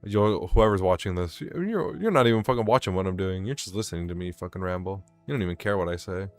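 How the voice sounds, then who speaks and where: Low-voiced man ranting over gameplay. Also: animated, fast talker, soft background music. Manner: rambling, swearing, venting, self-mocking. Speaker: gaming vlogger. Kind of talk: rambling gameplay commentary.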